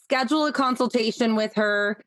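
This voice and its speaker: A woman's voice: a little high, moderate pace, fairly bright tone, dry recording. A woman hosting a podcast interview, talking casually and enthusiastically and swearing freely. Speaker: podcast host.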